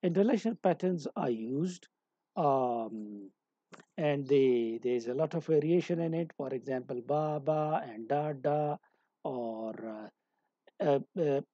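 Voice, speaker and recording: A man lectures in a very dark, slightly husky voice, stopping often to restart his sentences. The recording is dull and lo-fi, with a dry, close sound. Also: mid-range voice, expressive, a little slow, no echo. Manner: explaining with many hesitations and restarts.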